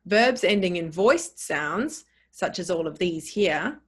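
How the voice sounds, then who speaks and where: Woman, teacher, slow deliberate delivery, lowish voice, repeats and spells out words. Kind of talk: slow pronunciation lesson.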